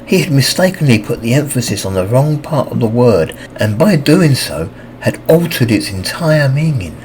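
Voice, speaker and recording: A man narrating a fantasy audiobook with expressive, scripted reading. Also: normal speed, slight background noise, low-quality recording. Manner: expressive reading with lively pitch.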